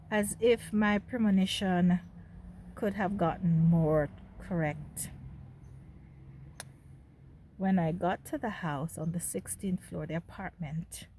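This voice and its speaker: A woman's voice: on the low side, darkish tone, a little hiss or hum. A woman from Jamaica with a Jamaican accent, telling her own story in a candid monologue to her viewers and laughing between remarks. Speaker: host.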